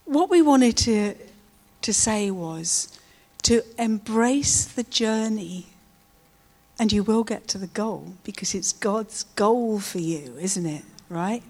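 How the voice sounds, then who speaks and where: A woman's voice: mid-range voice, expressive, slow pace, a little mellow. A middle-aged woman giving an informal, chatty sermon, often adding tag questions. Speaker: preacher.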